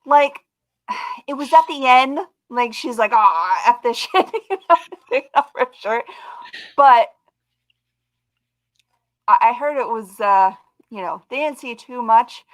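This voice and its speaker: A middle-aged woman, a guest on a video-call webcast, chatting casually and telling stories in an animated way with lots of "like" and "dude". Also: fairly high pitch, a little slow, pauses often, no echo, rough recording. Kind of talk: casual chat on a live webcast.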